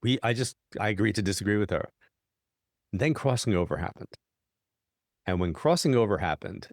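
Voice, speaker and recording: This guest is a psychic medium from New York, a middle-aged man whose conversational storytelling runs long and lively, with big pitch leaps whenever he performs someone's quoted words. His pace is moderate but broken by long pauses, captured in echo-free studio sound.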